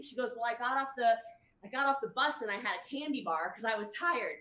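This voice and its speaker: A woman's voice: on the high side, fairly quick, sharp tone. A woman on a livestream telling a long story, rambling and acting out what people said. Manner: rambling, acts out quotes. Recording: echoey room.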